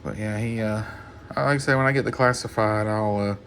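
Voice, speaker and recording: Soft-spoken halting man at home. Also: on the low side, steady tone, a little hiss or hum. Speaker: toy collector vlogger. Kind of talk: casual mail-call vlog.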